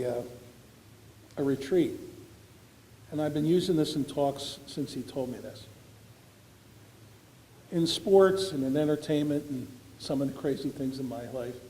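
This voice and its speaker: A man's voice: medium pitch, warm tone, a little hiss or hum. Older man telling stories at a dinner. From Philadelphia. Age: 70s. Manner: storytelling, self-deprecating, folksy humor. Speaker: award recipient giving a speech. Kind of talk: after-dinner speech with anecdotes. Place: large banquet hall. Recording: echoey banquet hall recording.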